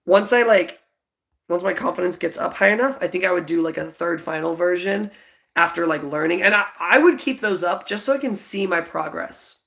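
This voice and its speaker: A young man in his twenties runs a casual livestream, speaking at normal speed in a high, gravelly, fairly bright voice with expressive intonation. He rambles with viewers, leaning on fillers and giggling a lot.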